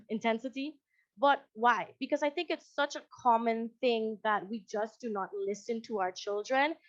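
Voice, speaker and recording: A high-voiced woman with a Guyanese accent, talking to an audience on a video call. She is conversational and animated, slipping into other voices to act out what parents say. The sound is dry and a little dull, as from a call mic. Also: dry recording. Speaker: psychologist.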